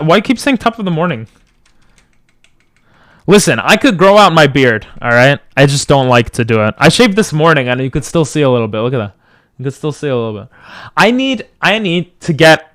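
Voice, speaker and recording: Joking young male streamer, smooth close voice. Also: on the high side, fairly bright tone, no echo. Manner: rambling, joking, answering chat. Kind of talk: casual live-stream chat. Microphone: boom mic close to the mouth.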